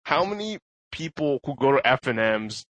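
Relaxed male podcast co-host. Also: medium pitch, normal speed, no echo. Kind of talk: casual podcast chat.

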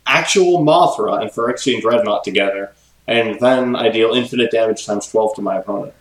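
A man's voice: fairly low pitch, a little fast. Wry man in an echoey room. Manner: wry, asks playful questions. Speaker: podcast co-host. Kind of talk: casual chat.

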